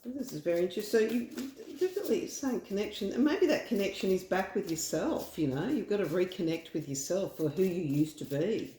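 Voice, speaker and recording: A woman's voice: medium pitch, lively intonation, fairly quick, hardly any pauses, dark tone, echoey room, slight background noise. Chatty Australian woman reading tarot. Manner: chatty, reassuring, rambling with fillers. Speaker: tarot reader. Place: home room.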